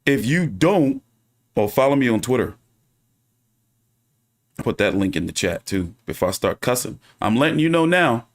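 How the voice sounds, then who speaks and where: A man's voice: medium pitch, normal speed, pauses often. A man hosting his own boxing channel, talking casually and ranting with lots of swearing. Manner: profane, animated, ranting. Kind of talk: casual livestream commentary.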